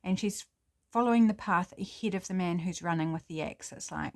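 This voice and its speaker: A woman's voice: on the low side, fairly quick. Chatty New Zealand woman telling a story. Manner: chatty, with fillers and self-corrections. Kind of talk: casual improvised storytelling.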